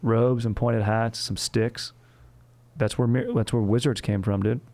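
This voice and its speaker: A man's voice: mid-range voice, fairly even intonation, measured pace, a little mellow. A young man hosting a comedy history show, rambling in a slangy, profane way and calling everyone dude and bro. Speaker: comedy history podcast host.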